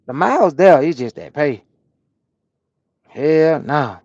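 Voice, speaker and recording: His voice is a little high and slow, with no echo and dull audio. This Southern US man, a truck driver resting in his cab, chats with livestream viewers and reads their comments, telling lively stories in slang peppered with cursing.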